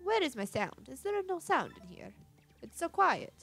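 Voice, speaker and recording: A woman's voice: very high-pitched, sing-song, moderate pace, vocal fry, fairly bright tone, soft background music. A young woman casually commenting as she plays a video game, offhand and chatty. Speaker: gaming video creator. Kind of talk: casual let's-play commentary.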